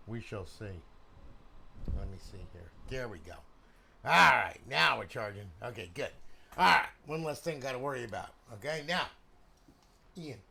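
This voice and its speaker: A man's voice: mid-range voice, expressive, normal speed, gravelly, pauses often, bright, forceful tone. A middle-aged man from New Jersey with a New Jersey accent, talking bluntly and rambling on a casual livestream while he shows off a console he modded and sells.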